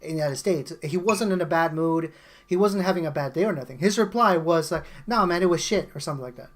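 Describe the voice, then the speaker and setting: A man's voice: fairly high pitch, fast talker. A man hosting a casual songwriter podcast, talking animatedly with frequent laughs and restarts. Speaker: host.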